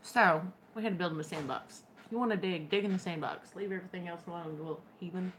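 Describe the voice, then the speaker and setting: A woman's voice: on the low side, quick pace, a bit bright, slight background noise. A young woman with a Texan accent, chatting casually to her viewers and telling wry stories. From Texas. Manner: chatty, storytelling, wry and drawling. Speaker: vlogger. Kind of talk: casual chat to camera.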